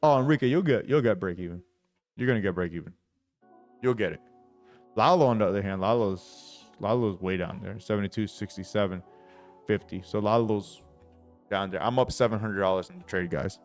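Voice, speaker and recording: A man's voice: on the low side, brisk, soft background music. A young man hosting a trading livestream, talking brashly to his chat, swearing often and hyping himself up.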